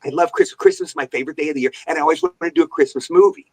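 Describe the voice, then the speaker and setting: Fast-talking older man telling anecdotes. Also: fairly high pitch. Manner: animated anecdotal storyteller, jumps into voices for quotes. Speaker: guest actor. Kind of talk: podcast interview storytelling. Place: remote podcast call.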